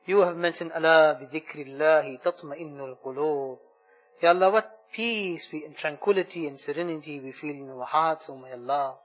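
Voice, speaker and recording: A man's voice: fairly high pitch, fast, dull audio, soft background music. A man leading a fervent devotional supplication, pleading and repeating invocations in long heartfelt runs.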